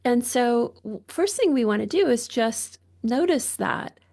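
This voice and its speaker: A woman's voice: a little high, animated, a little slow, creaky. A woman guest physician speaking reflectively in a podcast conversation, thoughtful and searching with restarts. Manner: thoughtful, searching, with frequent restarts and soft laughs.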